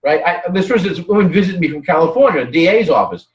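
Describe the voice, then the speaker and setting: A man's voice: sits high, quick pace, lo-fi sound. A man talking in a casual chat, telling rambling stories with lots of restarts. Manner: rambling, animated storytelling with many restarts. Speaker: guest. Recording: roomy, distant from the mic.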